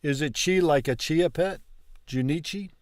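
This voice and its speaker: A man learning a language, chatting casually and slowly repeating words as he asks how to pronounce them. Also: a little high, no room sound, studio quality. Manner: slow, questioning, repeats words to test pronunciation. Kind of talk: casual chat about pronunciation.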